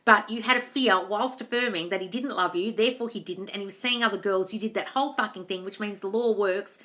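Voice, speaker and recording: A woman's voice: mid-range voice, brisk, pushed and bright. A woman hosting a live-stream Q&A, reading viewers' comments aloud and answering them bluntly, swearing often and calling them darling. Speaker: manifestation coach answering live chat questions.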